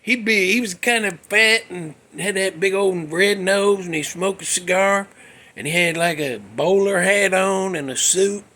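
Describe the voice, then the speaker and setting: A man talks in a loose, rambling monologue, tossing in folksy jokes and asides. His voice sits high for a man. He speaks like a podcast host chatting to his regular listeners. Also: unhurried, pushed and bright. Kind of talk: casual monologue. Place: cold room with a space heater.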